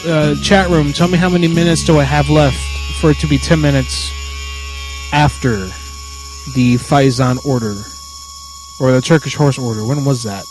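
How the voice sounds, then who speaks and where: A man from Puerto Rico runs a prank call on his livestream, swearing crudely and breaking into loud, angry outbursts. His voice sits a bit high for a man. Faint music plays in the background. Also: steady tone, normal speed, poor audio. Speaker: prank caller and streamer.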